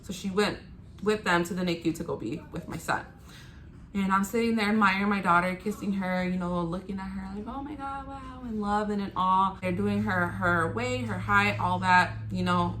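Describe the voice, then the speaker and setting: Young woman, bright tone, casual vlog storytelling, candid, swears, faint background hum. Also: fairly low pitch. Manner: candid, swears freely, acts out quoted lines. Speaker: vlogger.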